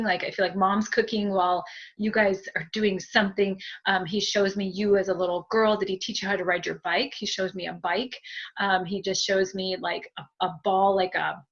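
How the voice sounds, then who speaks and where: A woman medium giving a group reading in a gentle, chatty way, with many fillers and soft thank-yous. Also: medium pitch, breathy edge, muffled recording. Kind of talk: spiritual reading, conversational.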